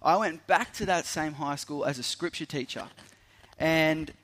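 Brief: young Aussie preacher, animated storyteller, fairly high voice. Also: male voice, unhurried. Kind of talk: sermon with a storytelling opening.

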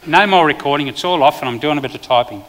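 An Australian man, a preacher and former police officer, telling a vivid testimony in a sermon with sudden loud bursts. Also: on the high side, fast talker, big-room sound.

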